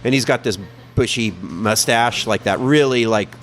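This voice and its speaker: Animated, swearing male storyteller. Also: mid-range voice, normal speed, a little hiss or hum. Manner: animated, profane, many "like" fillers. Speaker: podcast guest telling a travel story. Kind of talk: casual storytelling chat.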